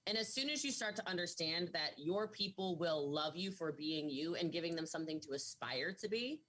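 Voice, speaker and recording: Woman, interview guest, emphatic, lively delivery. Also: lowish voice, brisk, rough recording. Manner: emphatic, animated, quotes others in voices. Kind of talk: interview answers.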